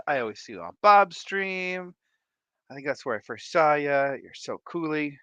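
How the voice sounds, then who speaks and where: A man hosting a casual livestream chat, playful and animated, tired and a bit congested, talking on a close desk mic. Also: a little high, unhurried, no room sound, muffled recording. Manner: animated, playful, breaks into laughs and silly voices. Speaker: livestream host.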